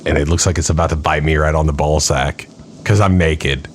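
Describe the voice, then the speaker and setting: A man co-hosting a comedy podcast, rambling through absurd improvised bits in a deadpan way. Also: rumbling low, a little fast, a little hiss or hum. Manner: absurd deadpan rambling with bursts of silly voices. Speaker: podcast co-host.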